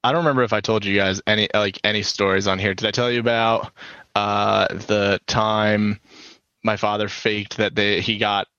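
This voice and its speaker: Guy w a lowish voice telling a crude story on a podcast, loud silly voices for the characters, dull lo-fi mic. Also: little pitch movement, moderate pace, clear, resonant tone, no room sound. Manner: profane, does loud voices for quoted people. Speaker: podcast co-host. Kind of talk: casual storytelling.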